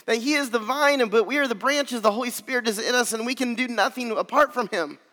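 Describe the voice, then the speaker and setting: A man preaching a sermon as pastor, earnest and swelling louder on key phrases. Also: very high voice, a little fast, big-room sound.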